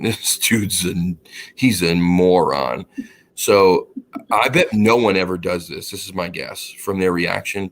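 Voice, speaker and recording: A man chatting casually on a podcast, telling an anecdote and acting out the dialogue with lively quoted voices. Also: deep voice, a little hiss or hum. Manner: animated, acts out quoted dialogue; laughs while telling the story. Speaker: podcast co-host. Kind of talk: casual storytelling chat.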